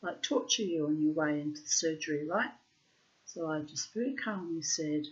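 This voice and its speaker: A woman's voice: low voice, moderate pace, muffled recording. A woman reading her old diary posts aloud and commenting on them bluntly, with frequent swearing.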